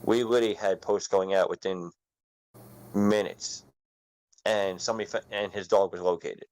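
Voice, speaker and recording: A man's voice: deep voice, fairly even intonation, moderate pace, a little mellow, poor audio. A man speaking earnestly and supportively as a guest on a casual video-call panel.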